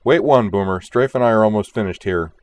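A deep-voiced man voicing a cool-headed woman fighter pilot who leads her squadron, speaking in brisk, commanding radio calls. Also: a little mellow, dry recording, close to an everyday voice.

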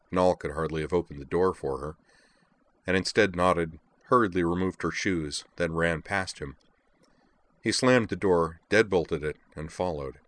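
Male audiobook narrator, deep voice, measured and even.

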